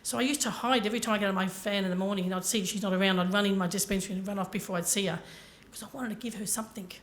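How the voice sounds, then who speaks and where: A woman's voice: mid-range voice, fairly even intonation, very fast. A woman giving a motivational talk to a conference audience, telling her story earnestly and speaking directly to the listeners. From Ireland.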